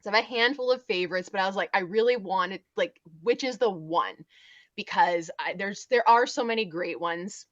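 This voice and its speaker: A woman's voice: moderate pace, a bit bright, no echo, lo-fi sound. A woman on a fan podcast panel, talking enthusiastically and acting out cartoon lines. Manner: enthusiastic, acts out cartoon lines in higher voices. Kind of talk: casual podcast chat.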